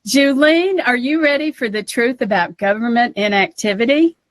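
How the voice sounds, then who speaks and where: A woman's voice: on the high side, animated, moderate pace, no room sound. An American woman co-hosting a political talk podcast, speaking emotionally and near tears. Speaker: podcast co-host. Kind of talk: casual political chat.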